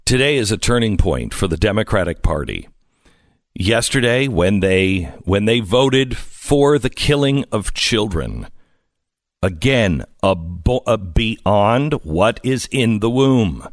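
A male host delivers a fervent monologue, slowing down and leaning on each word with long dramatic pauses. His fairly low voice rises and falls across a very wide range, heard close and completely dry. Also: sing-song, no room sound. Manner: emphatic, slow and deliberate with dramatic pauses. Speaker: talk show host. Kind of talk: impassioned commentary monologue.

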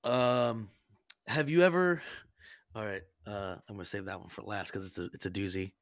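A man's voice: lowish voice, moderate pace, no room sound, clean studio sound. A man hosting a podcast, telling rambling service stories in a casual, profane way and laughing often. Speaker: podcast host. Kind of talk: casual storytelling chat.

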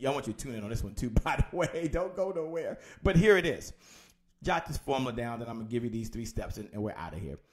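A man hosting a live motivational sales talk who greets listeners by name. He talks with high energy, repeats key lines, and swings between loud emphasis and low, hushed delivery. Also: animated, fast. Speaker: podcast host and business coach.

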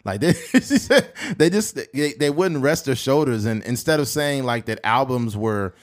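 A man hosting a podcast, chatting casually and telling stories, often mimicking other people in a higher voice. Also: moderate pace. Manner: animated storyteller who mimics other people in high voices. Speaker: podcast host. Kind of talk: casual chat.

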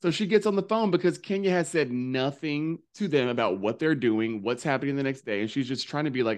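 A man with a voice of middling pitch co-hosts a casual recap podcast. He talks in an animated, gossipy way, swears freely and tells stories with relish. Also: brisk, hardly any pauses. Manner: animated, profane, gossipy storytelling. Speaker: podcast co-host.

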